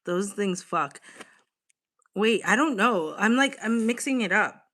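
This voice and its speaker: Unhurried woman streaming. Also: medium pitch. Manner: excitable, swears freely, talks to chat. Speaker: livestream host. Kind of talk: casual livestream chat.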